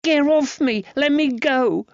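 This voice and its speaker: A man reading an audiobook, voicing a frightened, ragged young street boy who shouts and cries out high and loud. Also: takes it slowly, no room sound, lo-fi sound, heavily acted. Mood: terrified. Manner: shrill, shouting and tearful.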